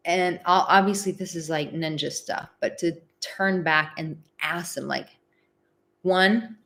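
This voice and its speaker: Low-voiced woman giving casual advice. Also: a little slow, fairly bright tone. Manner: casual, many "like" fillers, acts out example phrases. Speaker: relationship advice host. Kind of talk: live advice talk.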